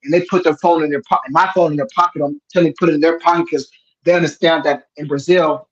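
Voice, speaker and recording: A man telling a story in casual chat, rambling and animated with many restarts. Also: fairly high pitch, fast. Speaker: host. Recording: dull lo-fi sound.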